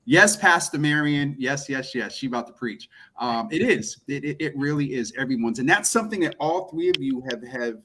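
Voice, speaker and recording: A man with a Boston accent hosts a relaxed live chat over a video call, his voice sitting at an ordinary middle pitch. He stumbles and repeats words as he gets going, then settles into thanks and reminders. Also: a little hiss or hum. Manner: halting, repeats words when starting sentences. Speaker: host.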